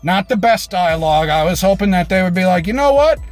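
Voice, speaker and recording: A man hosting a reaction video, recapping an episode casually with swearing and lively pitch swings. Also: a little fast, no echo, soft background music. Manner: animated, swings pitch for emphasis.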